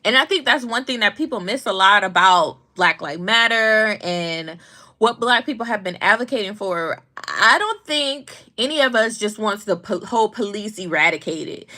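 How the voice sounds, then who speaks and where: A woman's voice: medium pitch, pushed and bright. A young adult woman vlogging, telling casual stories about the news in a blunt, slangy, profane way. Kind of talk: casual storytelling commentary.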